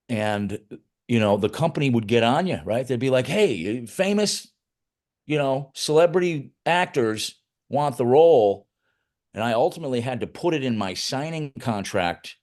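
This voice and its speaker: A man's voice: deep voice, a little mellow. A middle-aged man, a film writer-director, telling loose, profane anecdotes in a casual interview, with frequent restarts.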